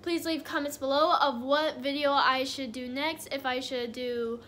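A woman's voice: sits high, fairly even intonation, normal speed, sharp tone, slight background noise. A young woman telling a casual storytime on her vlog, chatty and giggly with lots of fillers. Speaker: vlogger.

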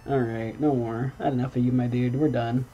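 A young man hosts a gaming channel and casually commentates his own let's-play from a room at home at night, talking back at the game and bursting into exclamations. His mid-range voice is brisk with fairly even intonation. The recording is muffled, with slight background noise.

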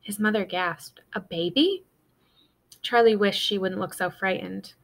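A woman reads a children's novel aloud for her students at a steady middle pitch. She lifts her voice for the characters and drops low for the narration. The delivery is clear and expressive. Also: moderate pace. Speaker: teacher reading aloud. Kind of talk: storybook read-aloud.

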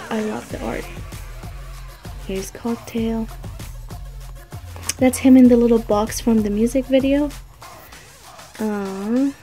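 A woman's voice: medium pitch, gravelly, mellow, rough recording. A young woman vlogging an album unboxing, gushing with breathless fan exclamations. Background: faint background music.

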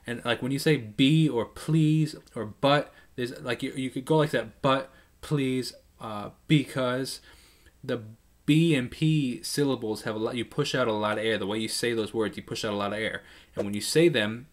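A man's voice: medium pitch, brisk. A man and musician reacting to a live song, casually explaining the mix and vocals into a studio microphone with a pop filter. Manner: explanatory, analytical, many restarts. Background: faint song playing.

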